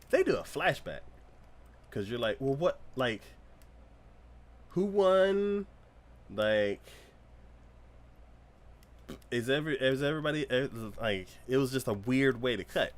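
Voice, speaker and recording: A man co-hosting a casual anime review podcast, retelling a show's plot as a lively storyteller who acts out scenes with loud squeals and laughter. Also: low voice. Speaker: podcast co-host. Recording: livestream podcast.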